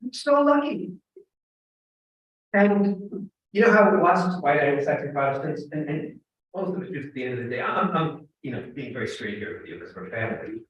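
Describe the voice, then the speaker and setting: High-voiced man joking in an echoey hall. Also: moderate pace, recorded from a distance, lo-fi sound. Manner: animated, joking, bursts of emphatic shouting. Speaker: guest lecturer, professor. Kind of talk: humorous storytelling talk. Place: large echoing temple hall.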